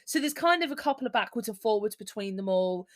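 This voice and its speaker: A woman's voice: medium pitch, animated, fast. A woman hosting a true-crime podcast in casual chat, speaking, blunt and swearing freely as she laughs through the story. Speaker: podcast host.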